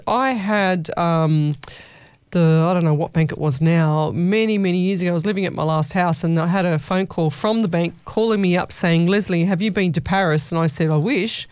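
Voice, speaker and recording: Brief: woman, radio host, smooth, clear voice, dry studio sound, easygoing chatter with listeners. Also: fairly low pitch, normal speed, no room sound. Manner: chatty, warm-hearted, calls listeners "lovey". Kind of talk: casual call-in radio chat. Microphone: studio microphone.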